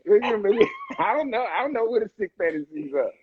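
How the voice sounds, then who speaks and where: A man's voice: sits high, sing-song, normal speed, lo-fi sound, over a noisy crowd. A man on a casual live chat, playful and slangy, often slipping into quoted voices. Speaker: actor guest on a live chat. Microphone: livestream call audio.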